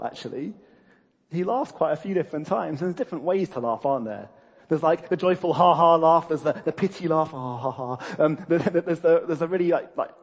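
A man delivers a sermon in a husky, slightly high voice. He is animated, laughs often and restarts his sentences, swinging between playful asides and sober emphasis. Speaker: preacher.

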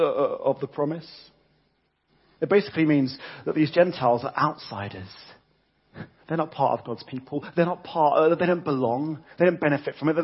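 A man preaches a sermon in a conversational way, often restarting and repeating words. His voice sits somewhat high and has a husky edge. The recording sounds dull and lo-fi.

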